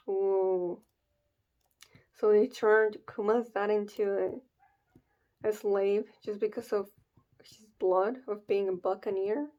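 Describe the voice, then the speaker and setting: A woman hosting a comic reaction video, reading panels aloud and reacting in a hesitant, casual way with soft sighs. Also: medium pitch, fairly even intonation, takes it slowly, pauses often, muffled recording.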